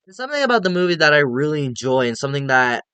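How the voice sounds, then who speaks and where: A man talks through a movie review in a smooth, resonant voice with a dry, close sound. He is excitable and rambling, and he swears freely as he gushes. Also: medium pitch, quick pace, no room sound.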